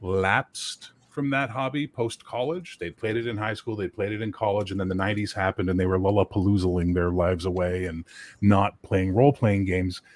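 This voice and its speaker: A man chatting casually on a gaming panel, opinionated and lively, now and then dropping into comic accents. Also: on the low side. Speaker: game designer on a panel. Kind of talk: casual podcast chat.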